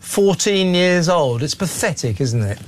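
Man, talk show host, fairly high voice, mocking, incredulous, filler-heavy. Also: animated, measured pace, no room sound. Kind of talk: opinionated broadcast talk.

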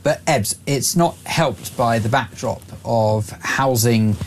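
A man in his forties presenting a talk radio show, brisk and opinionated with a sarcastic edge. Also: medium pitch, a little hiss or hum. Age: 40s.

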